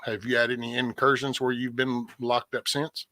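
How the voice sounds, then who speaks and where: A man's voice: medium pitch, normal speed, dry recording. A man hosting a casual talk, telling a story with energy, acting out other voices and swearing freely. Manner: animated storyteller, acts out quoted voices, swears. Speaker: podcast host.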